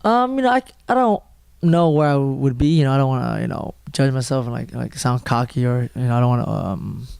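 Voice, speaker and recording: Young male fighter, filler-heavy, clear-voiced. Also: medium pitch, lively intonation, brisk, darkish tone, dry recording. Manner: rambling, filler-heavy, chuckling. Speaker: mixed martial arts fighter. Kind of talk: casual interview answers. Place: fight gym.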